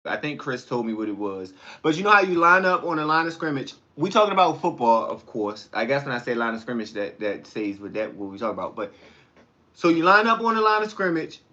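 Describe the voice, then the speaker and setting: A man hosting a casual livestream, chatting with viewers and telling stories in a slangy, animated way. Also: medium pitch, brisk, lo-fi sound. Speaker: livestream host. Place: home kitchen.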